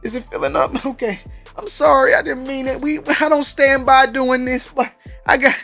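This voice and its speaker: A man's voice: sing-song, fast talker, gravelly, faint music behind, full character voice. A man voicing a whining pimp who cries and apologizes while still collecting money. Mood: whiny sobbing. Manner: sobbing, pleading, high-pitched put-on voice. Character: crying, whining pimp begging forgiveness while taking money.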